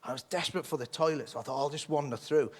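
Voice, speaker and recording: A man in his forties telling rambling, animated anecdotes as a chat show guest. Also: fairly high pitch, racing. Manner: rambling, animated storytelling with acted quotes. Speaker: comedian guest.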